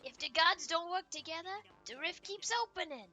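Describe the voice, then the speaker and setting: A woman's voice: extremely high pitch, normal speed, sharp tone, voice pushed up. A woman voicing a dramatic video game villager who declaims warnings in a theatrical, ominous way. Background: game music.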